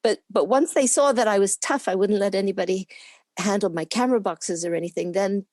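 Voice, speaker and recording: A woman in her seventies, originally from New York, recounts her past as an interview guest in an animated, chatty way, often laughing and acting out the people she quotes. Her voice sits at an ordinary middle pitch for a woman. The recording is close and dry, with almost no room sound. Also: fairly quick, no echo. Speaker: guest, former camera assistant. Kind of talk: casual interview storytelling.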